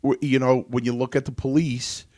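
A man's voice: medium pitch, flat delivery, moderate pace, dark tone, no echo, studio quality. A man hosting a casual talk show who tells rambling stories and often restarts his sentences. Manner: rambling storyteller, lots of restarts. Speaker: host.

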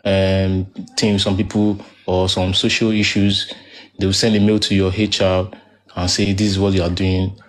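Man speaking on a call, hesitant, lower voice. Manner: halting, many restarts and fillers. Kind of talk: call-in discussion.

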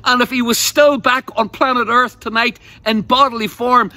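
A man preaches with a bright, forceful voice that cuts through. He tells the story with passion and paints vivid scenes for his listeners. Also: extremely high pitch, fairly even intonation, moderate pace, no room sound. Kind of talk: evangelistic sermon.

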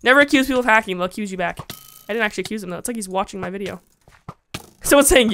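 A woman's voice: mid-range voice, very fast, a bit bright, slight background noise. A woman giving casual, giggly commentary while playing a game and talking to her chat, squealing when she is attacked. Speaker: Minecraft let's-play gamer.

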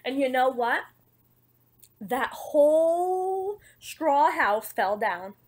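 A woman with a high-sitting voice reads a picture book aloud as the wolf, speaking in first person. Her reading is playful and expressive, and she tosses chatty asides to her listeners.

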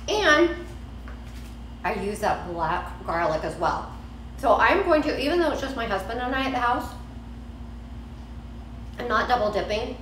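A woman's voice: a little high, very animated, unhurried, long pauses, fairly bright tone, very echoey, recorded from a distance, slight background noise, rough recording. A woman hosting a casual home cooking show, chatting and snacking in her kitchen as she preps food. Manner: chatty, eats while talking, laughs easily.

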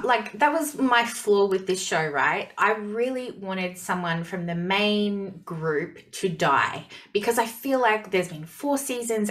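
A woman's voice: mid-range voice, fairly bright tone. A woman reviewing a TV show in casual chat, emotional and gushing, often repeating words for emphasis.

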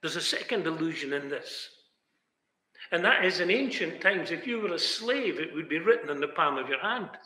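Animated and a little high, the man's bright, forceful voice moves at a moderate pace through a chapel sermon. He speaks emphatically to his listeners with rhetorical questions, the echo trailing in long reverb.

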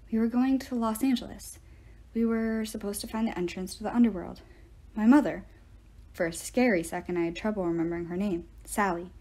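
A woman reading a novel aloud in the first person with expressive storytelling. Her voice is mellow and husky. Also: medium pitch, poor audio. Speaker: reader of audiobook chapters.

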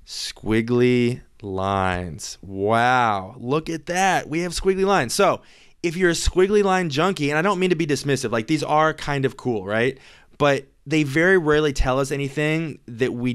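A man's voice: medium pitch, clean tone. A man hosting an informal screen-share explainer, talking emphatically and reassuringly, often repeating and restarting his words. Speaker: software company host.

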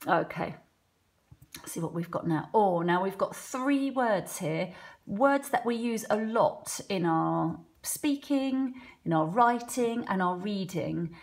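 A woman teaching a children's phonics lesson from home, slowly sounding out letters one by one with patient encouragement. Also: medium pitch, lively intonation. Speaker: primary school teacher.

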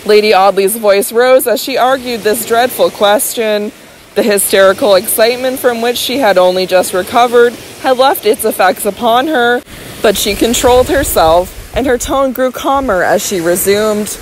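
A woman's voice: on the high side, moderate pace, slight background noise, rough recording. Woman narrating a classic novel. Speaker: audiobook narrator.

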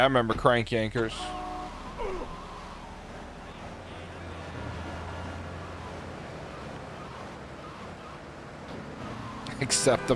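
This speedrun streamer has a medium-pitched voice and a noisy background. He keeps up loose, profane chatter with his viewers and gives thanks to people in chat as he plays.

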